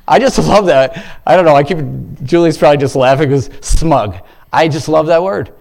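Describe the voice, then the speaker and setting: Rambling, slightly high-voiced man preaching. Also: moderate pace, creaky, darkish tone. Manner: rambling, self-interrupting, exclamatory. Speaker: lay church speaker. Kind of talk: informal devotional preaching.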